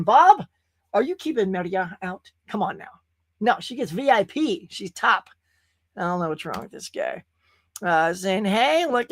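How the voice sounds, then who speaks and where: A man's voice: high-pitched, creaky, fairly bright tone, breathy edge, no echo, clean studio sound. A man hosting a casual livestream show, chatting in a rambling way and reading viewer messages aloud. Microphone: webcam stream setup.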